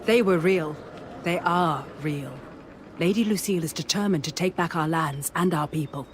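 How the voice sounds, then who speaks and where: A man's voice: on the high side, normal speed, slight background noise, lightly acted. A man voicing a determined young inquisitor hero in a video game. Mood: resolute. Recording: game dialogue over music.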